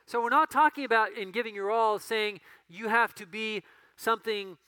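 A male pastor giving a conversational sermon that rises to emphatic peaks and drops to quiet storytelling. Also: sits high, normal speed, clean tone, no room sound, poor audio.

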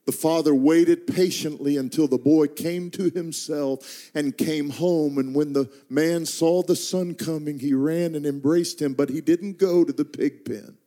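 A middle-aged man preaches, telling a personal story from the pulpit. His voice sits fairly high, often dropping to a slow hush before climbing with fervent force. He sounds like a pastor carrying a congregation through a moment of deep feeling. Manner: builds from hushed, slow narration to impassioned, high-pitched intensity. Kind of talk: sermon storytelling.

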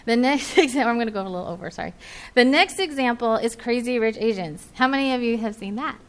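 A young woman speaking to a church group in a chatty, animated way, with many fillers. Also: on the high side, quick pace. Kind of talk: casual sermon talk to a group.

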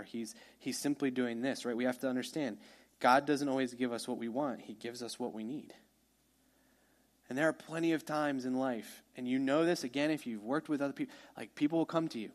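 A man in his thirties preaching a sermon as pastor, conversational and animated, with storytelling asides. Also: medium pitch.

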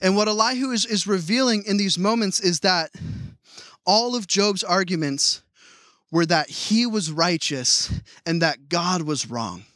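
A male preacher giving a conversational sermon, often stammering and restarting. His voice is bright and high for a man, recorded dry and close. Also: expressive, a little slow, no room sound. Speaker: pastor.

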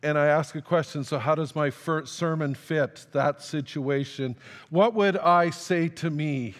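A pastor preaches unhurriedly in a fairly high voice, sharing a personal story in a sermon with a conversational, self-deprecating tone and acting out the dialogue. He's in a church sanctuary, and the recording carries a large hall's long reverb.

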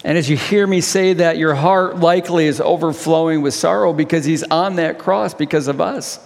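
A male pastor leading communion with an impassioned sermon, swelling to high cries and dropping to hushed tones. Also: normal speed, gravelly, long reverb tail.

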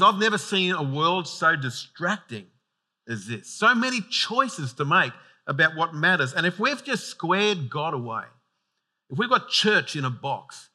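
A man preaching a sermon in a relaxed, conversational way, slipping in humorous asides. His voice is very bright and ringing, sitting slightly high for a man. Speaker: pastor.

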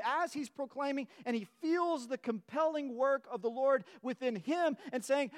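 A pastor with a notably high voice delivers a sermon in a church. He presses his points with emphatic repetition, restarting phrases, and his voice climbs as his fervor builds. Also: normal speed, few pauses. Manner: emphatic, repeats words and restarts, voice rising with fervor. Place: church sanctuary.

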